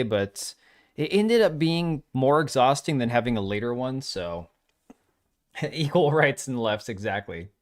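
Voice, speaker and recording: A middle-aged man hosting his own livestream, tired and sore, chatting loosely, joking, chuckling and swearing casually from a home setup. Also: mid-range voice. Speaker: streamer hosting his live show.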